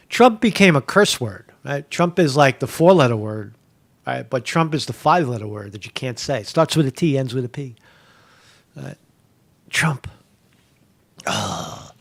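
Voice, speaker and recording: A man's voice: medium pitch, lively intonation, measured pace, vocal fry, long pauses. A man from Pennsylvania hosting a live show, talking in a rambling, sarcastic way and swearing freely. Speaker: host.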